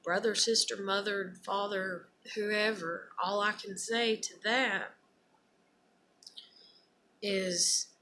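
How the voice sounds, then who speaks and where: A woman's voice: mid-range voice, steady tone, slow pace, long pauses, a little hiss or hum. A woman giving an earnest, rambling personal talk in an unscripted monologue. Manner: earnest, rambling, turns loud and emotional when acting out despair.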